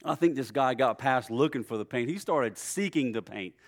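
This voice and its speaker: A pastor in middle age delivers a sermon like he's telling a story in conversation, his voice swinging lively up and down. His pitch sits in the mid-range and his pace is moderate.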